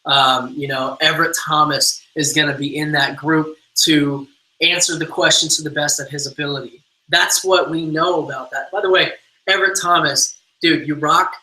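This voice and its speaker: Bright-voiced energetic male trainer. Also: on the high side, moderate pace, poor audio. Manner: energetic motivational coaching, many fillers. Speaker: team trainer. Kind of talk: live online training webinar.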